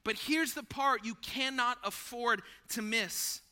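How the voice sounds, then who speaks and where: A male pastor preaching a sermon in a conversational, animated way, talking to listeners as friends and acting out scenes from a story. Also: extremely high pitch, takes it slowly, clean tone.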